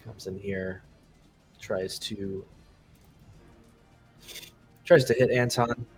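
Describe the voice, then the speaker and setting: A man narrating as game master while losing his voice, relaxed, with many fillers. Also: fairly low pitch, drawn-out words, soft background music.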